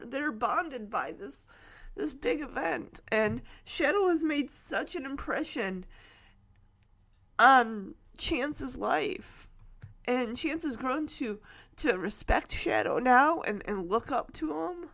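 A woman retelling a film in an emotional, halting way, full of restarts. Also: high-pitched, very animated, gravelly, a bit bright.

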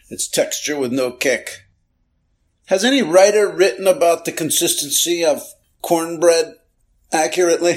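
Chatty rambling man, slightly high voice. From lives in Los Angeles. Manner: chatty, digressive, self-deprecating. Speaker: podcast host. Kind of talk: casual rambling monologue.

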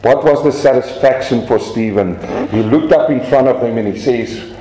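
A pastor preaches a sermon in an echoey church, dramatically telling stories and posing rhetorical questions to the congregation. His mid-range voice is mellow and moves at a normal speed.

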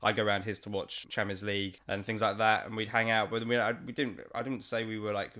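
A man's voice: fairly low pitch, flat delivery, quick pace, sharp tone. A young man talking as a podcast guest, a little hesitant, often restarting his sentences. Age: young adult. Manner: hesitant, with restarts and nervous laughs. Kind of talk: casual podcast chat.

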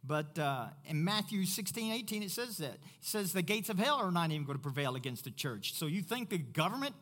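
Emphatic high-voiced pastor, echoing hall. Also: male voice, very animated, brisk, hardly any pauses, a bit bright. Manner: emphatic, repeats key points. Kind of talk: sermon.

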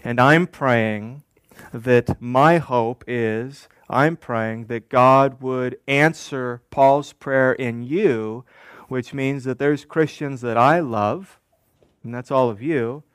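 A man preaching a sermon as pastor, deliberate, repeating key phrases and asking the congregation rhetorical questions. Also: mid-range voice, a bit bright, smooth, no room sound.

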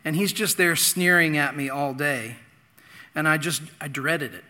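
A middle-aged man telling a childhood story in a sermon, earnest, with dramatic pauses and repeated phrases. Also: a little high, sharp tone. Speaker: pastor. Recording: long hall reverb.

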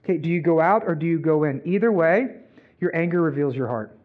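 A male pastor preaching a sermon in an animated way, firing rhetorical questions at the congregation, on a dull lo-fi recording. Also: on the high side, brisk. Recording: dull lo-fi sound.

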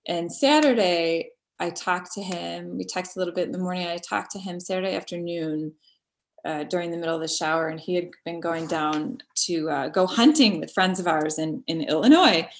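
A middle-aged woman recounting a personal story as an interview guest, halting and tender with many pauses and restarts. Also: on the low side.

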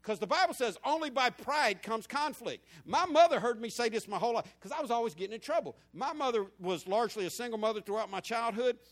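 High-voiced preacher in his fifties. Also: fast, hardly any pauses. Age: 50s. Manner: animated storytelling preaching, swinging between loud and hushed. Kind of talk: sermon.

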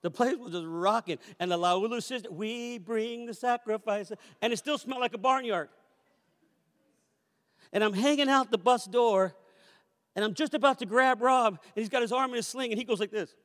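A man preaching a sermon as a pastor, telling a story with animated, acted-out quotes and repeated refrains. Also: extremely high pitch, a little fast, in a large hall. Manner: animated storyteller who acts out quoted voices. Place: church sanctuary.

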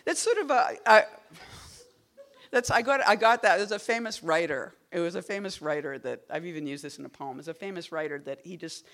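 A woman poet giving a reading, talking casually between poems in a rambling, self-interrupting, wry way, jumping between loud bursts and quiet murmurs. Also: lowish voice, expressive, fairly quick.

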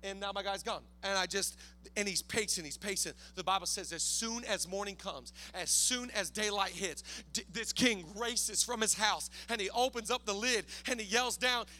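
A man preaching a sermon to a church congregation, moving from quiet, casual asides to loud, energetic climaxes and acting out biblical characters in slang. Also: sits high, normal speed. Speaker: pastor. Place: church sanctuary.

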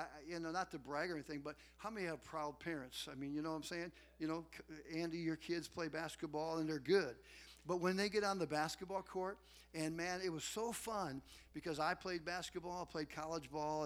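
A middle-aged man preaching a sermon to his congregation in a folksy, animated way. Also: a little high. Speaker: pastor.

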